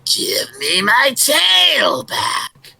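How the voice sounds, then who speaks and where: A man voicing a vengeful furry beast that slowly howls its demand from far off, for a tabletop game story. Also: very high voice, sing-song, creaky, a little hiss or hum, voice pushed up, full character voice. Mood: menacing howl. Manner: drawn-out shouted howl from afar.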